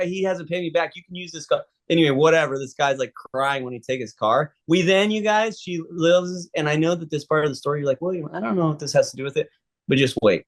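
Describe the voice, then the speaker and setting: A man, a stuntman guest, telling a long story in a casual interview and acting out the people in it. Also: mid-range voice. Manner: animated storyteller, acts out quoted people.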